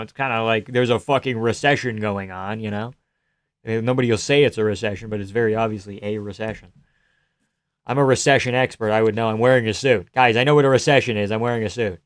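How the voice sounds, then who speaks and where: A young man from Canada hosts a livestream in a loose, cursing, sardonic way, riffing on the chat as it comes in. His voice comes across smooth and clear. The mic sounds close and dry, with no room sound. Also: medium pitch, dry recording. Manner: profane, sardonic, reads chat aloud. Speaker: livestream host. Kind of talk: casual chat.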